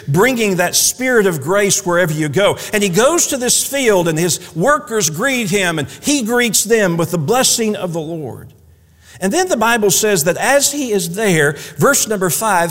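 Male pastor, animated pulpit delivery, very expressive pitch, echoing sanctuary. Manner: folksy, animated preaching with humorous asides. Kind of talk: sermon. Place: church sanctuary.

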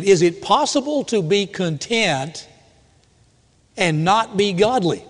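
A man's voice: high-pitched, lively intonation. Male pastor preaching in a reverberant hall. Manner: reads scripture aloud in a measured, deliberate cadence. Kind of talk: sermon.

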